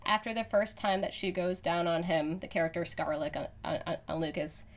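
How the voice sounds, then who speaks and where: A woman's voice: on the low side, moderate pace. Chatty woman podcast host, laughing often. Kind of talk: casual chat.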